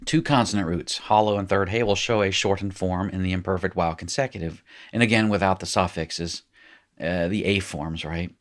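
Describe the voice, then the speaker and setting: A man's voice: deep voice, fairly even intonation, moderate pace. A man teaching a recorded language lesson, explaining in a chatty way and often correcting himself mid-sentence. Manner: chatty, self-correcting explanations with frequent fillers. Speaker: Hebrew teacher. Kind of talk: recorded screen-share lesson.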